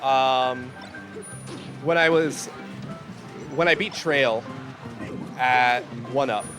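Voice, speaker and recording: A man's voice: mid-range voice, very slow, over music. Profane storytelling esports commentator, man. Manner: profane, storytelling, loud impressions.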